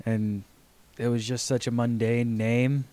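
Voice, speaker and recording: A man co-hosting a casual podcast, talking in an animated, exasperated way and laughing often. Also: mid-range voice, unhurried, no room sound. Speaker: podcast co-host. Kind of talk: casual chat.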